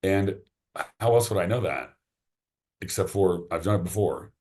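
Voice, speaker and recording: A man's voice: sits low, moderate pace, darkish tone. A man, a podcast guest, chatting casually and enthusiastically, often restarting his sentences. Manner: enthusiastic, rambling, repeats words when starting sentences.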